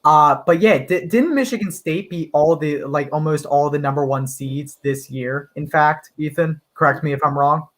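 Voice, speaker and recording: A young man hosts a relaxed basketball talk show, his voice sitting a little higher than most men's. He moderates loosely, agrees readily and passes questions around the panel. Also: moderate pace, hardly any pauses. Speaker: host. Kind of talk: casual sports chat.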